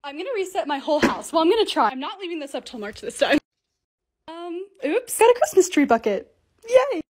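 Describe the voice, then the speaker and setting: A woman's voice: very high voice, sing-song, a little fast. A young adult woman narrating her cleaning and organizing vlog in a casual voice-over, gushing and bubbly with self-mocking asides. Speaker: lifestyle vlogger.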